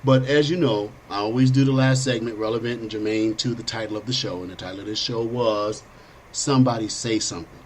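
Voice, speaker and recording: A middle-aged man hosts a political talk show, his voice lowish and a little fast. He comes across blunt and rambling in a conversational way, and the rough recording carries faint background noise.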